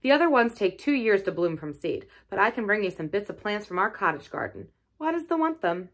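A woman's voice: mid-range voice, sing-song, brisk. A woman voicing a cheerful twelve-year-old moorland boy with a broad Yorkshire dialect and an easygoing, earthy manner. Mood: friendly.

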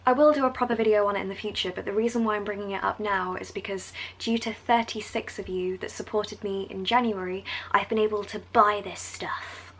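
A young woman with an Essex accent, chatting excitedly as she shows off art supplies in a casual home vlog. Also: mid-range voice, fast, hardly any pauses, slight background noise, poor audio. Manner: chatty and enthusiastic, going on tangents. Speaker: art vlogger.

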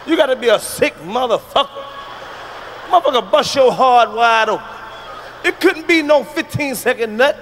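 High-voiced brash stand-up comedian man. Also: a little hiss or hum. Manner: brash, profane, with sudden shouted bursts.

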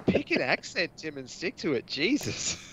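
Lively, joking man on a podcast. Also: on the high side, moderate pace, slight background noise. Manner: joking, laughs while talking. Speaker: podcast co-host. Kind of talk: casual chat.

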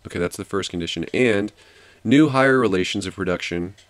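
Deep-voiced man explaining a history book. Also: a little fast, no echo. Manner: thinking aloud with fillers and restarts, reading passages then explaining. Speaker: study channel host summarizing a history book. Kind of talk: casual study-guide commentary.

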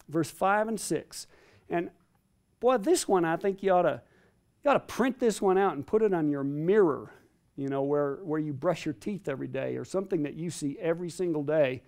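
High, lively emphatic male preacher. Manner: emphatic, repeats phrases for stress. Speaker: Bible teacher. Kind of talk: sermon teaching to a live audience.

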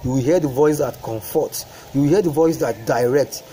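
A man preaching a sermon, repeating phrases with rising fervor and praying in a low, soft voice. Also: moderate pace, a little hiss or hum, rough recording.

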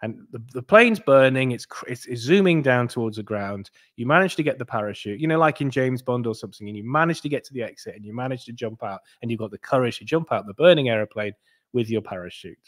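A man hosting a crypto channel, talking straight to his viewers in a rambling, animated way, with many restarts and asides. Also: medium pitch, fast talker. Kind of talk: casual monologue to viewers.

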